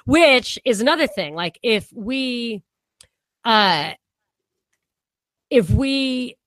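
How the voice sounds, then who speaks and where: Her pitch on the high side and her intonation lively, a woman speaks very slowly in a fairly bright tone with no room sound. She's co-hosting a podcast, rambling casually about political ideas, restarting often and laughing easily.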